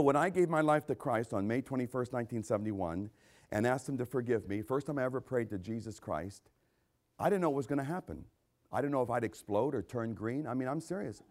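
An older man with a medium-pitched voice preaches a sermon as a pastor, shifting between loud emphasis and quiet asides.

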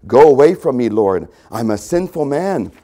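A man's voice: medium pitch, very animated, moderate pace, mellow, close to an everyday voice. A man preacher voicing an overwhelmed adult fisherman who pleads and confesses he is a sinful man. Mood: pleading, distraught. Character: humbled adult male fisherman, overwhelmed and ashamed.

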